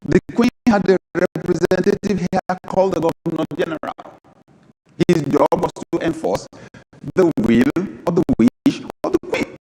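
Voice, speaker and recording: A man preaching a sermon as pastor, reading scripture aloud, moving from low asides to sudden high, emphatic bursts. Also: big pitch swings, moderate pace, dark tone. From Nigeria. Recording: long hall reverb.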